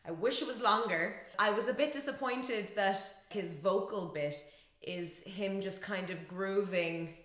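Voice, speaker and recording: A woman chattily reacting to and breaking down a dance routine, often laughing and shrieking with excitement. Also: medium pitch, unhurried. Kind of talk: casual reaction commentary. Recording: roomy echo with faint music behind.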